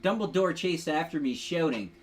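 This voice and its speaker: A man's voice: on the high side, expressive, moderate pace. Rambling joking young man. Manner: rambling, joking, reading aloud mockingly. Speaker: livestream host. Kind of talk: casual chat while drinking.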